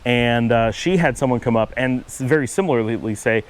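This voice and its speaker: A middle-aged man from Western New York, a channel host with a Buffalo accent, speaks in a mid-range voice at normal speed over poor audio. His casual explanatory monologue is patient and relaxed, full of asides and self-corrections.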